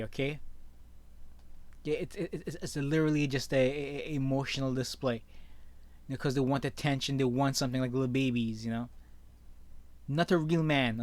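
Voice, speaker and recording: A man's voice: on the high side, no echo. Opinionated man with a dry sound. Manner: opinionated, with frequent "okay?" tags. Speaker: online commentator. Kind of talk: reading and reacting to news stories.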